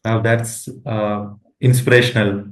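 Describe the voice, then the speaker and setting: A man's voice: lowish voice, level tone, a little slow. Hesitant man host in an echoey room. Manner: hesitant, many fillers and restarts. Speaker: interview host. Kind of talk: interview questions, casual.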